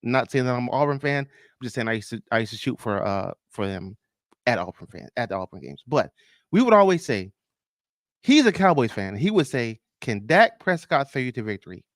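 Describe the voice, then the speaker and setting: A man hosting a casual sports podcast, talking in an animated way, exclaiming and restarting often. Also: mid-range voice, brisk, no room sound, studio quality. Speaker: podcast host.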